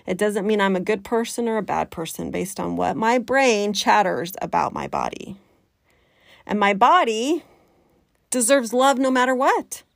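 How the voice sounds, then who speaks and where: A woman life coach, talking to her listeners in a chatty, animated way and slipping into the voice of her inner critic. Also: medium pitch, measured pace, gravelly, dry recording, clean studio sound. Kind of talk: coaching podcast talk.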